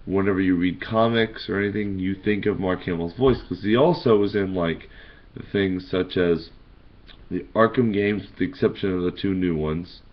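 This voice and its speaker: A man with a very low voice hosts his own channel, explaining things in a loose, casual way. He rambles and restarts his sentences, filling gaps with ums and uhs. The audio is dull and lo-fi. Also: normal speed. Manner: rambling, hesitant with many fillers and restarts. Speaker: host of a video channel. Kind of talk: casual tutorial talk.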